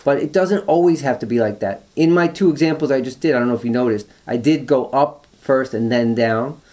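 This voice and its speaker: Music teacher, mellow dark voice, rambling explanations, guitar lesson. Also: medium pitch, a little fast. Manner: thinks aloud with restarts and fillers.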